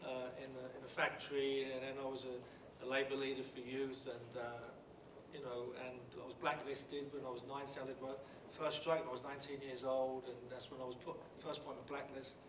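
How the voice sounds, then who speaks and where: A middle-aged Englishman speaks at a panel talk, telling a story in a halting, blunt way with many restarts and fillers. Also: medium pitch, level tone. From England. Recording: roomy hall from a distant mic with background noise.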